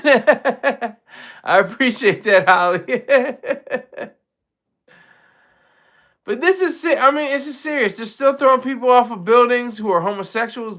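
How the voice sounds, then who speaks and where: High bright-voiced man, animated chat. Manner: animated, repeats and restarts phrases. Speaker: streamer host. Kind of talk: casual live commentary.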